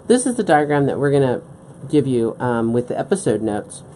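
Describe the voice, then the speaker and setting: Very low, mellow-voiced woman teaching beading. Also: sing-song, fairly quick, slight background noise. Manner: patient, step-by-step explaining, often checking in with "okay?". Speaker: beading instructor. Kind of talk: live-stream craft demonstration. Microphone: live-stream setup at a work table.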